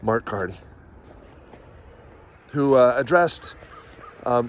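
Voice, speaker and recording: A man's voice: on the low side, a little slow, a little hiss or hum. A man doing sarcastic commentary for his vlog while walking outdoors through the woods, mocking in tone with chuckling asides. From Canada. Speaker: vlogger.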